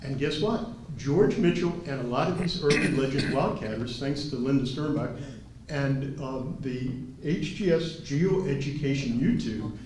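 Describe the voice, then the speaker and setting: A man moderating a dinner event, telling an anecdote in an animated way and acting out quotes. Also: mid-range voice, a little slow, noisy background. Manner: animated storyteller, acts out quotes. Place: large banquet hall. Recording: echoey hall, speaker far from mic.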